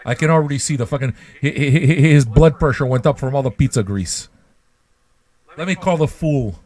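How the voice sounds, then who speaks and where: A man's voice: mid-range voice, normal speed, a little mellow. A man hosting an online radio show with a rambling, mocking, profane ranting monologue.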